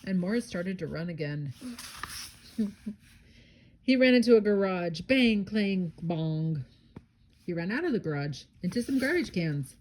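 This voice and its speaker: A mother reads a children's picture book aloud at home, expressive and lively, with chatty asides in between. Her voice is warm and mellow, with faint noise in the background. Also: fairly low pitch, fairly quick, hardly any pauses.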